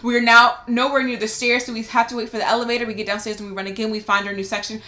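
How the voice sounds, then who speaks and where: A woman's voice: fairly high pitch, little pitch movement, rapid-fire, hardly any pauses, very noisy. A young woman co-hosting a casual podcast, reading a listener's letter aloud, laughing often and swearing freely. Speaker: podcast co-host. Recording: roomy echo.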